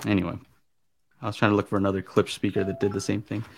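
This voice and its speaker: A man's voice: lowish voice, little pitch movement, fast, creaky. A man co-hosting a podcast, talking in a loose, rambling way with lots of fillers. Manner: chatty, rambling, many fillers. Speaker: podcast co-host. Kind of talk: casual chat.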